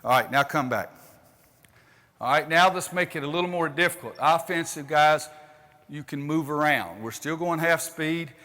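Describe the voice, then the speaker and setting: With a voice on the high side and a sharp tone, an older basketball coach speaks at a moderate pace on a big-sounding gym court. Running a clinic demonstration, he is folksy and keeps calling out directions to the players.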